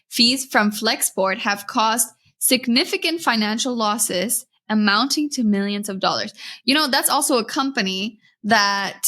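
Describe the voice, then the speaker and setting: American woman, podcast host, bright and a bit high-pitched, chatty and easily sidetracked. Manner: chatty, laughs often, loses her thread. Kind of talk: casual news chat.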